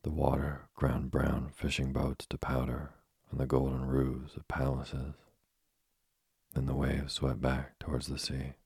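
A man narrating a storybook in a steady, measured reading. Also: extremely low pitch, husky, no room sound, studio quality. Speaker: audiobook narrator.

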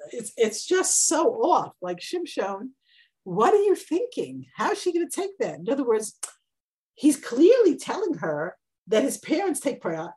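A woman teaching a Bible class, lively and conversational, jumping up high when she acts out quotes. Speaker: Torah teacher.

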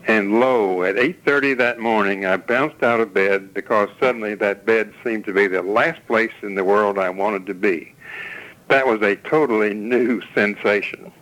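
A man in his seventies recounts his experience in a steady, measured storytelling manner. His voice sits a little low. The delivery sounds read aloud rather than improvised. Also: poor audio. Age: 70s. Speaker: caller giving a testimonial. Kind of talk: read-aloud personal testimonial.

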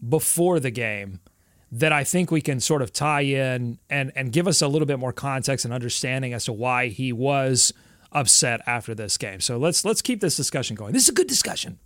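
A man co-hosting a casual sports podcast, telling stories in an animated way and laughing often. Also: medium pitch, no room sound, clean studio sound. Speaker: podcast co-host.

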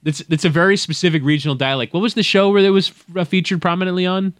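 Male podcast host, higher pitch, inquisitive and laughing. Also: fairly even intonation, no echo, clean studio sound. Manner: curious, quick to laugh. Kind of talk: casual podcast chat.

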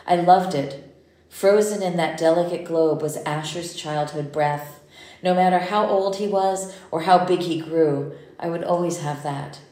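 A woman narrating a first-person audiobook in a measured, intimate way. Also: fairly low pitch, warm tone. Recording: roomy echo.

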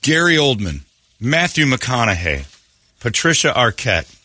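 A man's voice: mid-range voice, unhurried, no room sound, clean studio sound. A man hosting a morning radio show, telling a story in casual banter with frequent laughs. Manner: animated storytelling, laughing often. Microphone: studio mic.

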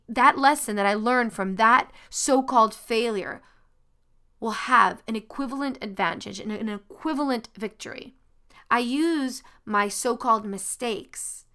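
A woman's voice: a little high, sharp tone, clean tone. A woman hosting a motivational podcast, reading a passage with dramatic emphasis and then talking earnestly and encouragingly to her listeners. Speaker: podcast host.

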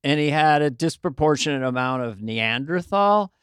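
A middle-aged man hosts a podcast, chatting casually in a rambling, self-deprecating, jokey way. His voice sits on the high side and sounds animated, fairly bright, clear and resonant, at a normal speed. The recording is dry with clean studio sound.

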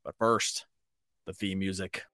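Excitable guy on a sports podcast, stumbles over words, dry sound. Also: sits low, unhurried, no echo, faint music behind. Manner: excitable, repeats words, laughs often. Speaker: podcast co-host. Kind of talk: casual sports podcast chat.

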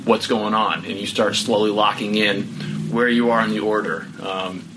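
A man's voice: fairly low pitch, steady tone, normal speed, background noise. A middle-aged man, a podcast guest, telling his story candidly and reflectively, with many "you know" fillers. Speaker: podcast guest, former pro pitcher.

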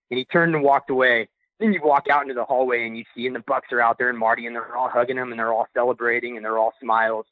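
Young guy on a phone call, fast and excited storyteller, thin phone sound. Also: mid-range voice, no room sound. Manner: excited, quick, loose slang. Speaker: podcast caller sharing a story. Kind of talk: casual storytelling. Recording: tinny phone line, dry.

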